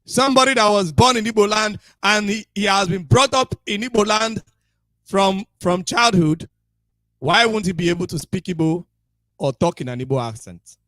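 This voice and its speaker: Male radio commentator, high voice, insistent and rhetorical, dry close sound. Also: normal speed, bright, forceful tone, no room sound. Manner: insistent, rhetorical questions to listeners.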